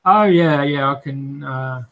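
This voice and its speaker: In a low-quality recording, a man hosting a modelling livestream chats casually, speaking slowly in a medium-pitched, fairly bright voice. He reads out viewer comments and laughs often, with lots of fillers and restarts.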